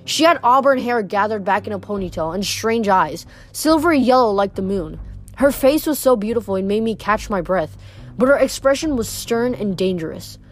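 A woman's voice: mid-range voice, lively intonation, normal speed, soft background music. A woman reading a novel aloud, stumbling and correcting herself now and then. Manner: casual, stumbles and self-corrects. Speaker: reader.

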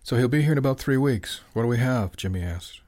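A man reading a novel aloud as narrator, even in his storytelling and lifting his voice for the characters' lines. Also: medium pitch, fast talker. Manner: even storytelling, lifts into dialogue. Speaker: audiobook narrator. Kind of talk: scripted narration.

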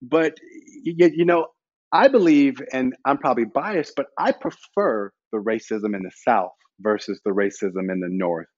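A man's voice: mid-range voice, moderate pace, no room sound, muffled recording. A man from the American South, speaking as a guest on a panel in a candid, emphatic, conversational way. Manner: candid, emphatic, conversational with frequent "you know".

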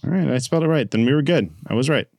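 A man's voice: medium pitch, rapid-fire, creaky, a little mellow, no echo. A man co-hosting a podcast, mocking his friends and often dropping to a mutter in casual banter. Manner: mocking, laughing, drops to a mutter. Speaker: podcast co-host.

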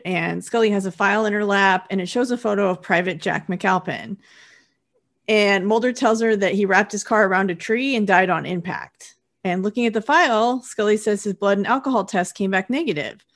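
A woman co-hosting a podcast, chatting and recapping a TV episode in a relaxed, conversational way. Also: mid-range voice, a little fast. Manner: conversational, with hedging fillers. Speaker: podcast co-host. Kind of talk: casual chat and episode recap.

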